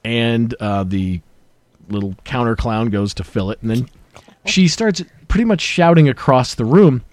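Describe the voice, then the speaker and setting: A man's voice: medium pitch, moderate pace, a little mellow, no room sound. A man hosting a casual podcast chat, a jokey storyteller who reads things aloud with mock drama. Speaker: podcast host.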